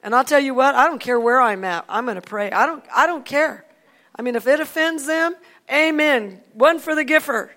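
High-voiced woman pastor telling a testimony. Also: normal speed. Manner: animated, with many restarts and acted quotes. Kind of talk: personal testimony storytelling.

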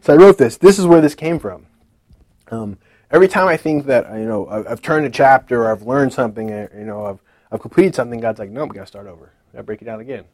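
A man shares a personal testimony in a relaxed storytelling way, acting out what others said to him. His voice sits at a middle pitch. The recording is dry, with no room echo. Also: quick pace. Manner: chatty storytelling that acts out what others said, with many "like" fillers. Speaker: speaker giving a testimony at a conference.

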